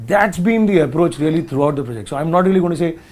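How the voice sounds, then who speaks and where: A man's voice: a little high, lively intonation, fast, darkish tone. A man with an Indian accent, a film director talking casually in an interview, thoughtful and full of restarts. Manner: thoughtful, rambling with many restarts and asides.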